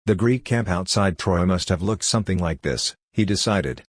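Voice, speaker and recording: A man reading a novel aloud at an even, measured pace. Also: low-pitched, no echo, studio quality. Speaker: narrator. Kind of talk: audiobook reading.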